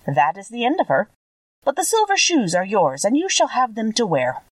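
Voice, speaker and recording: A woman voicing a kindly little old woman, the Witch of the North, gentle and solemn in a storybook reading. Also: on the high side, huge pitch swings, moderate pace, no room sound, distant mic, pitched above the performer's own voice.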